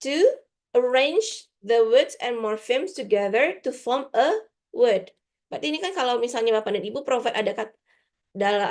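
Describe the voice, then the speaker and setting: A woman with an Indonesian accent gives a guest lecture to teachers, giving classroom examples and slipping into Indonesian now and then. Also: on the high side. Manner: mixes Indonesian into English, frequent "for example".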